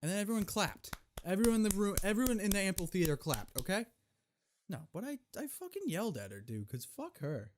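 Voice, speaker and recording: A young man hosting a casual solo podcast, telling stories in a profane, rambling, animated way, recorded on camera. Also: sits high, brisk. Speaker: podcast host.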